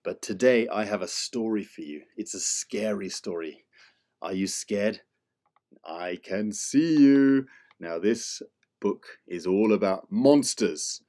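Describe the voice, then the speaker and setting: A man's voice: on the low side, slow, dark tone. A man who is an English teacher reading a story to children in a playful, exaggerated way.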